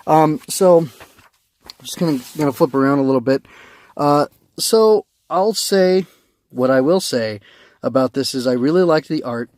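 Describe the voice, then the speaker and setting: A man's voice: a little high, animated, normal speed, darkish tone, no room sound. Rambling man reviewing a comic. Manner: rambling, many fillers and restarts. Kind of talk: casual spoken review. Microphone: phone.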